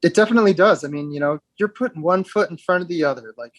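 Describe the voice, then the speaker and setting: A man speaking as an interview guest, reflective and halting, with frequent restarts and fillers. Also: a little high, lively intonation, no echo. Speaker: guest, actor with dwarfism.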